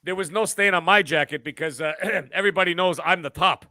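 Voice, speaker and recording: A man's voice: sits high, brisk, bright, forceful tone, dry recording. A man co-hosting a podcast, trading crude, laughing banter from home. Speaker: podcast co-host. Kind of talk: casual chat.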